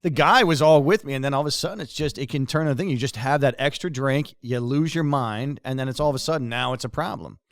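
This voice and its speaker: A man, a stand-up comedian co-hosting a casual podcast chat, who fires back quick reactive banter. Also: mid-range voice, dry recording, clean studio sound.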